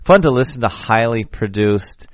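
A man hosting a podcast, chatting casually in a relaxed, wry way. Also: medium pitch, moderate pace, no room sound. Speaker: podcast host. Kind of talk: casual conversation.

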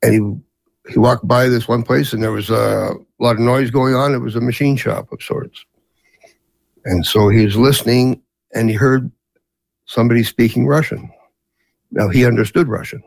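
A man's voice: medium pitch, fairly even intonation, moderate pace, vocal fry, pauses often, no room sound. A man in his seventies who grew up in Canada, telling family stories as an interview guest in a rambling way with many fillers. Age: 70s. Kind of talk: storytelling in a casual interview.

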